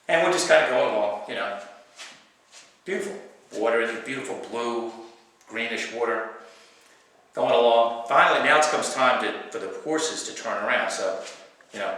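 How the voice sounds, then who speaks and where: A man telling a funny true story as stand-up comedy, animated and acting out his own shouts and other voices. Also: medium pitch. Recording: echoey room from far off.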